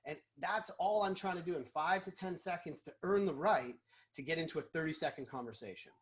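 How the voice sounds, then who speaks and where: A man, a guest in a casual interview, explaining sales calls and acting out quick snippets of phone chats. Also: fairly high pitch. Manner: animated, acts out phone calls.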